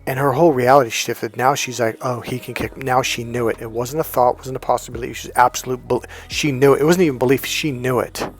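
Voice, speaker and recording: A man's voice: mid-range voice, fairly even intonation, fast talker, hardly any pauses, breathy edge, soft background music. A man working as a dating coach, telling a personal story as advice in a profane, emphatic way. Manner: profane, emphatic, repeats "here's the deal".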